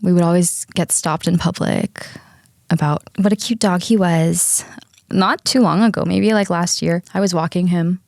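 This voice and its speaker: A woman's voice: fairly low pitch, steady tone, moderate pace, vocal fry, a little mellow, no room sound. Podcast co-host, woman in her thirties, loose chatty storyteller who swears and laughs, dry close sound. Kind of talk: casual storytelling chat.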